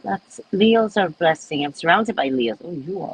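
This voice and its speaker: A woman from California hosting a casual show, chatting and telling stories in an animated way. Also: fairly low pitch, moderate pace, slight background noise, rough recording. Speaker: host. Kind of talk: casual chat.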